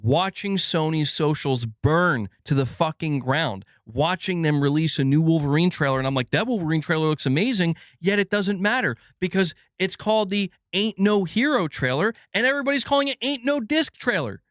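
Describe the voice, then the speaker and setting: A gaming channel host rants with frustration on a casual livestream, swearing and filling his speech with restarts and fillers. His fairly bright, expressive voice sits on the high side and moves at a moderate pace with few pauses. The recording is dry, with clean studio sound.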